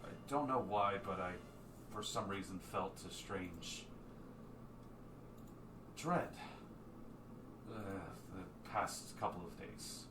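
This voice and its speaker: A man voicing a calm but worried male sphinx, speaking in a hushed, slow, uneasy way. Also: deep voice, reverberant, recorded from a distance, background noise.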